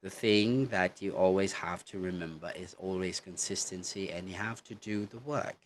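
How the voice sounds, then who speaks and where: A man with a very low, deep voice gives an English lesson at an unhurried pace. He is encouraging and chatty and peppers his talk with "okay" and "you know". A faint hum sits behind him. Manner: encouraging, coaching tone. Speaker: English teacher. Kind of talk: online lesson.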